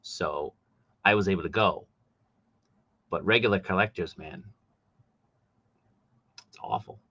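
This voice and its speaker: A man hosting a casual livestream chat about collectible figures, talking animatedly, his voice jumping high when he gets exasperated. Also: a little slow, pushed and bright, highs cut off. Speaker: host.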